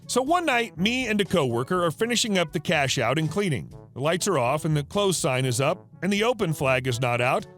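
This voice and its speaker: High-voiced, lively male story narrator. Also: a little fast, hardly any pauses, faint music behind. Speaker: narrator of reddit stories. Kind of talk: scripted narration.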